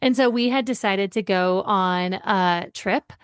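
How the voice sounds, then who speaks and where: A woman's voice: medium pitch, a little slow, smooth. Woman telling stories as leadership coach. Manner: animated storyteller, acts out quoted voices. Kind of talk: storytelling in a podcast interview.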